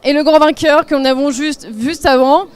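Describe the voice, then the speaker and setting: A woman with a very high voice and a strong French accent presents a live podium ceremony. She talks in a chatty, self-deprecating way and trips over the names she reads out. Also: steady tone, a little fast. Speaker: on-site event presenter.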